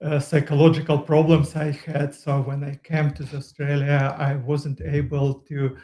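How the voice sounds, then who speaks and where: A man with a non-native accent, a podcast guest speaking in casual chat, hesitant with many fillers and pauses. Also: fairly high pitch, monotone, dark tone. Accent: Eastern European. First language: not English. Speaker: podcast guest, user group leader. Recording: echoey room.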